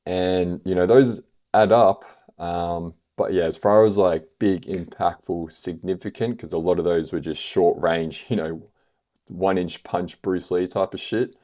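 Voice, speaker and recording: A man's voice: low voice, fairly even intonation, unhurried, dark tone. A man hosting a casual fight review podcast, rambling with lots of fillers and the odd swear word. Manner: rambling, heavy on fillers like "you know" and "like". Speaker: MMA podcast host.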